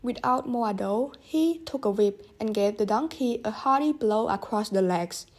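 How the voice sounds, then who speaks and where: A woman reads a children's storybook aloud in a gentle manner, speaking straight to her young listeners. Her voice sits a little high. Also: lively intonation, moderate pace. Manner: gentle, addresses listeners directly.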